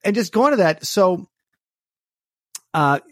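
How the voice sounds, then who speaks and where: Male podcast guest from Wisconsin, slightly high voice, loose and rambling delivery. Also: sing-song, slow, a bit bright, no echo, clean studio sound. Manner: rambling, lots of fillers and restarts. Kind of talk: casual interview chat.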